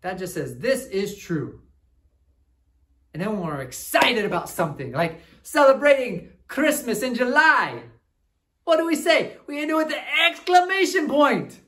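A man's voice: sits high, normal speed, hardly any pauses, full character voice. A man playing a goofy, upbeat traveling cousin who teaches a children's Bible lesson in character. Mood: cheerful. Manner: animated, talks straight to kids with frequent "right?".

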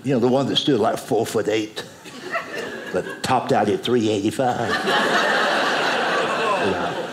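A man doing a stand-up comedy set on a theater stage, a drawling storyteller who jumps high into put-on voices. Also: fairly even intonation, moderate pace, heavy background noise. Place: theater stage with audience laughing. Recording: roomy live venue with loud audience.

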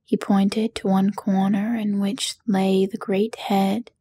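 Woman reading a storybook in a hushed whisper, dark mellow tone, very even. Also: mid-range voice, slow pace, husky. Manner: hushed and soothing. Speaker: audiobook narrator. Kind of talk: soft whispered bedtime reading.

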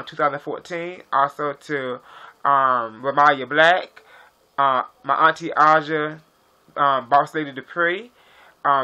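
Man, gossip vlogger, sassy and profane, rambling shout-outs, very bright sharp tone, somewhat high pitch. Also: muffled recording.

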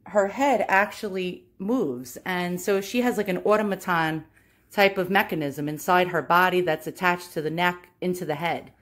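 A woman's voice: fairly low pitch, normal speed, fairly bright tone. A woman with a New York accent chatting casually while showing an antique doll, filming on a phone held in one hand at home, laughing at herself as she goes. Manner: chatty, self-deprecating, laughs often. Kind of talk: casual show-and-tell. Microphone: handheld phone camera.

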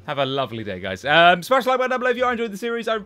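A young man narrates his game in a casual, chatty way, talking to the animals on screen and breaking into sudden excited outbursts. His voice sits a little high for a man and moves about with a lot of animation. Faint music runs in the background. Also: rapid-fire, clean tone. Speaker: gaming YouTuber. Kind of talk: Let's Play commentary.

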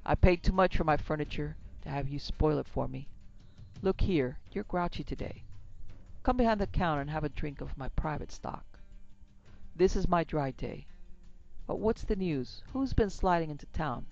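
Man playing a big genial saloon owner, hearty and pushy, gravelly tone, slightly muffled recording, faint music behind. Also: a little high, animated, moderate pace. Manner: hearty, coaxing frontier talk.

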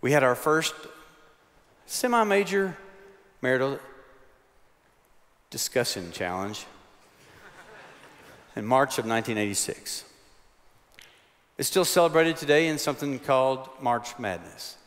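A man's voice: medium pitch, big pitch swings, a little slow, pauses often, a bit bright. A man, preaching a chapel sermon with folksy, humorous storytelling. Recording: long hall reverb.

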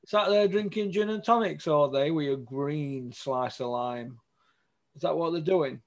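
A man hosting a show, giving a blunt, sweary opinion rant with loud outbursts. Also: on the high side, a little slow. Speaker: host.

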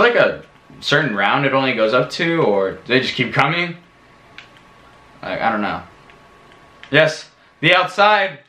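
A man giving casual gaming commentary, excitable and rambling, yelping and shouting when scared, recorded in a room at home. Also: mid-range voice, echoey room. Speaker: gaming vlogger.

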